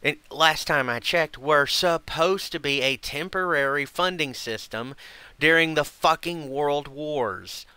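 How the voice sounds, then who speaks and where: A man's voice: fairly high pitch, bright, forceful tone, clear, resonant tone. A man streaming a game and ranting angrily with constant swearing. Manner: profane, heated ranting. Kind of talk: angry ranting while gaming.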